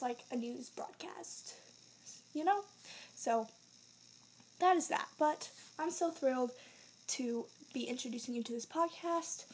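Bubbly high-voiced woman podcast host. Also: a little hiss or hum. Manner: bubbly, excited, rambling with self-corrections. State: out of breath. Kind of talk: casual solo podcast chat.

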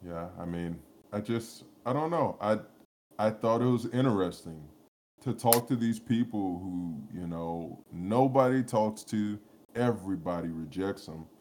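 Brief: very low-voiced podcast co-host, rambling, profane, laughs a lot. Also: male voice, measured pace, a little mellow, a little hiss or hum. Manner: rambling, profane, laughs often, lots of restarts. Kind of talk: casual chat, storytelling.

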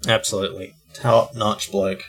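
A man's voice: lowish voice, flat delivery, normal speed, creaky, slightly rough. A man co-hosting a podcast in casual chat, laid-back with short quips. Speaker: podcast co-host.

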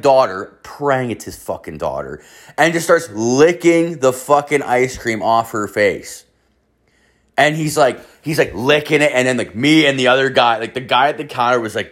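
A man's voice: medium pitch, a bit bright. A man in his thirties telling a rambling story, swearing constantly and filling it with "like". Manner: rambling, profane, filler-heavy storytelling. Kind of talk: casual anecdote.

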